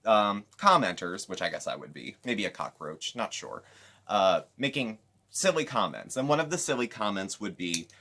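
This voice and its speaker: Low-voiced guy doing sarcastic video recaps, voice jumps all over, super animated. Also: normal speed. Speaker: commentary channel host. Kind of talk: casual commentary recapping another creator's videos.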